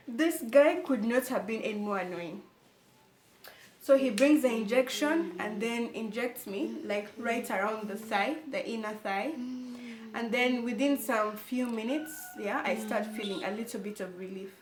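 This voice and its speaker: A young woman telling a personal story to her viewers in an animated, emphatic way. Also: on the high side, normal speed. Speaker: vlogger. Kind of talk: casual storytelling to camera. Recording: echoey room, faint background noise.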